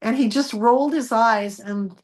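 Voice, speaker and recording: A woman telling a personal story as a guest, acting out the dialogue with lively changes of voice. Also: on the high side, moderate pace. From United States. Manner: animated, acts out quoted dialogue.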